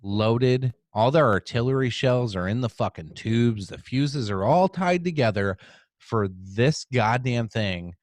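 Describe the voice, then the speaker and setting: A man's voice: medium pitch, expressive, a little slow, dry recording. A man co-hosting a casual political podcast, talking in a heated, profane rant. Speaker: podcast co-host.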